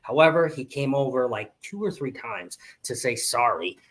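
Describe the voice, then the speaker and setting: A man co-hosting a casual live chat, telling a story animatedly and acting out the people in it. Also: moderate pace. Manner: animated storyteller, acts out quotes in a high voice. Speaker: podcast co-host.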